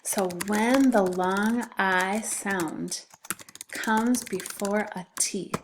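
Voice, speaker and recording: A woman's voice: medium pitch, fairly even intonation, extremely slow, a little hiss or hum. A woman teacher giving a recorded spelling lesson to children, patiently sounding out letters and syllables.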